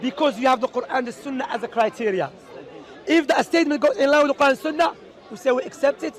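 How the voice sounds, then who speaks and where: High-voiced guy preaching outside, keeps asking rhetorical questions, some crowd noise. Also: fast talker. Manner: emphatic, asks rhetorical questions. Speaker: Islamic preacher. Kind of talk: outdoor street talk on theology. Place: outdoors in a city.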